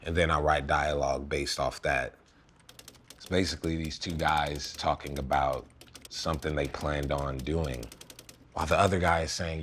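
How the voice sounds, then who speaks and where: A man in his twenties, host and filmmaker, chats casually and playfully about making a stop-motion film, joking bluntly as he explains. His voice is extremely low and a bit bright, fairly even in intonation at normal speed, with slight background noise and music behind this behind-the-scenes talk.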